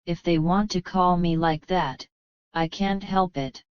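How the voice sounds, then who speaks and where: A woman's voice: on the low side, measured pace, clean tone, no echo, close to an everyday voice. A woman reading as a tearful young heroine. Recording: slightly dull, muffled.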